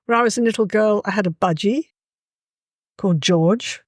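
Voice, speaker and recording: A woman's voice: medium pitch, moderate pace, dry recording, studio quality. A woman, talking as a guest in an easygoing, storytelling way with a frequent "you know". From England. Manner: lively, warm-hearted, with a frequent "you know". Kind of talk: casual conversational storytelling.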